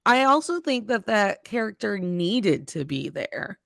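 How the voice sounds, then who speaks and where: A woman's voice: mid-range voice, big pitch swings, creaky, fairly bright tone, no room sound, studio quality. A woman co-hosting a podcast, giving blunt, opinionated takes in casual chat. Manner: blunt, opinionated, quick asides. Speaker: podcast co-host. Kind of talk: casual chat film review.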